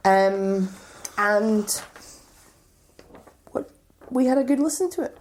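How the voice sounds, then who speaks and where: A woman's voice: medium pitch, animated, takes it slowly, darkish tone, a little hiss or hum. A woman co-hosting a casual podcast, chatting and reading lists from her notes with frequent ums. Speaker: podcast co-host.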